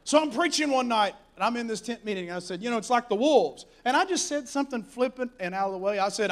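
A man preaching a sermon, telling Bible stories in an animated way that swings from soft asides to shouting. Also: very high-pitched, fast talker, few pauses.

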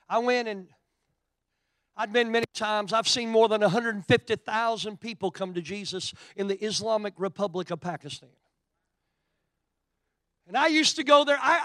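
This is a middle-aged man from Oklahoma, accent intact, telling a story as he preaches and shifting from soft asides to booming, emphatic moments. His voice sits high, and the recording carries no room sound.

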